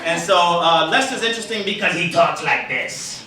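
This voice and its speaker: Streetwise New York comedian, echoey club. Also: male voice, high-pitched, lively intonation, moderate pace. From Brooklyn, New York. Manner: loose, streetwise, profane. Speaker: stand-up comedian. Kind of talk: stand-up comedy. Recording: echoey club, distant mic, noisy.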